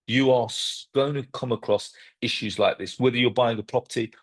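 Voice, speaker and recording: A man, a property investor telling a story to camera and acting out phone calls in lively detail. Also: medium pitch, fairly quick, breathy edge.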